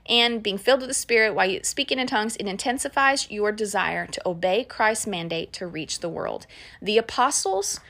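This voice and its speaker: A woman's voice: medium pitch, vocal fry, fairly bright tone. A woman, a mother, teaching in a casual, earnest and encouraging way, with a conversational flow and frequent fillers. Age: adult parent. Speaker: Christian podcast teacher.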